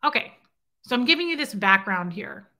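An outspoken woman tells a story straight to camera in a bright, forceful voice. She talks indignantly, swears casually and keeps asking her viewers "right?" as she rambles along. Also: medium pitch, very animated, normal speed. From grew up in Scientology. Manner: rambling, loops back with "okay?" and "right?". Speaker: vlogger telling a personal story.

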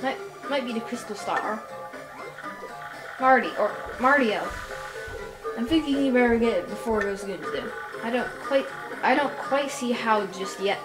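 A woman's voice: on the high side, natural voice. A woman doing a cranky old tribal elder. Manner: scolding, gruff, forgetful. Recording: roomy with game music behind.

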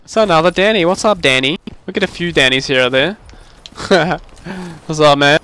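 A young man casually commentating his own game livestream, excitable, laughing and swearing as he plays. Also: on the high side, moderate pace, clean tone. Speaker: gaming livestreamer.

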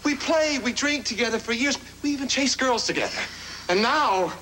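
An exasperated loyal buddy. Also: male voice, very high-pitched, lively intonation, normal speed, bright, forceful tone, slight background noise, exaggerated voice, poor audio. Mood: softened. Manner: exasperated, scolding, then soothing. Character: exasperated loyal male best friend. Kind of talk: 1980s television sitcom acting.

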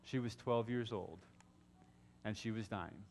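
Slow, dramatic pastor in a reverberant church. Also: male voice, fairly low pitch, a little hiss or hum. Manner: dramatic storytelling, dropping to hushed tones. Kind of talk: Easter sermon. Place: church sanctuary. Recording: long reverb of a church hall.

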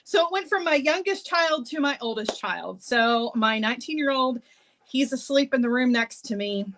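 A woman's voice: high-pitched, lively intonation, moderate pace, fairly bright tone. A woman in her forties hosting a jewelry-making livestream from her home office, chatty and bubbly, laughing often as she rambles. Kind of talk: chatty live-stream talk.

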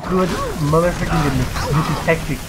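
A man hosting a co-op game let's play, reacting loudly with exclamations and swearing. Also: fairly high pitch, a little fast, very noisy. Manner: excitable, swearing, yelping exclamations. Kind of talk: co-op gameplay commentary.

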